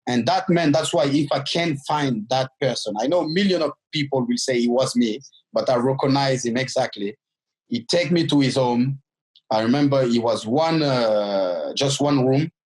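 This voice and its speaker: As a podcast guest in a storytelling interview, a French man recounts his life in lively fashion, using loose, imperfect English with a French accent. He speaks at a moderate pace in an ordinary male pitch, and the recording is low quality.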